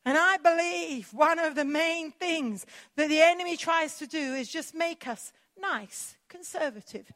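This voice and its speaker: A woman preaches with fervent, insistent emphasis. Her voice sits high, and she drives her points home by repeating them. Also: measured pace, fairly bright tone. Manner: passionate, emphatic preaching with repetition. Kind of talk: sermon.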